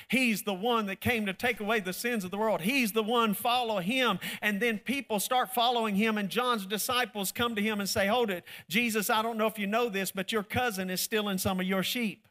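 A man's voice: sits high, fairly bright tone. A man preaching a sermon in a folksy, emphatic way, calling on the congregation to answer back. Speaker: pastor.

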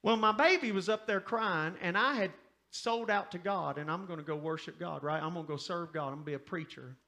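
A man's voice: high-pitched, a little fast, pushed and bright. A middle-aged man, a pastor preaching a folksy, emphatic sermon story with joking asides to the congregation.

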